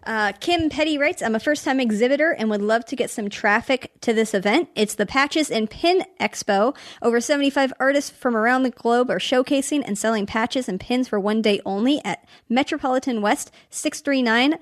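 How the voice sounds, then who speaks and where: A woman's voice: on the high side, normal speed, hardly any pauses, dry recording. Upbeat woman co-host, dry sound. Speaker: podcast co-host. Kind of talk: reading listener plugs and casual chat.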